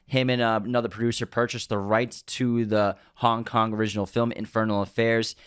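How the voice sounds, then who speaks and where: A man co-hosting a casual film podcast, enthusiastically running through background facts in quick lists. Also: on the low side, flat delivery, a bit bright, smooth, no room sound, clean studio sound. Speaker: podcast co-host.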